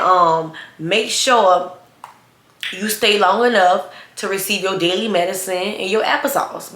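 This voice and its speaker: Sassy young woman telling a story. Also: mid-range voice. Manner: animated, blunt, sassy, laughs a lot. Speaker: vlogger. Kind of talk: casual storytime vlog. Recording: roomy echo.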